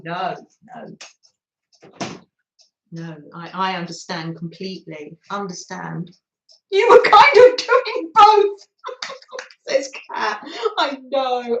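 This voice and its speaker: An older woman, hosting a craft livestream and chatting warmly to viewers by name as she reads their comments. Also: mid-range voice, reverberant, low-quality recording.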